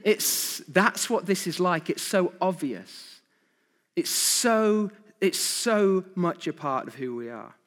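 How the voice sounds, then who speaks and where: A man's voice: high-pitched, expressive, slow pace, fairly bright tone, big-room sound. A man preaching an evening sermon, asking his congregation rhetorical questions with emphasis. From Britain.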